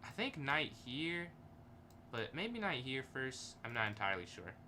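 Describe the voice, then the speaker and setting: Bright-voiced man thinking aloud over chess. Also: mid-range voice, sing-song, normal speed, slight background noise. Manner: thinks aloud, hesitant, chuckles often. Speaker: chess streamer. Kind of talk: casual live-stream commentary.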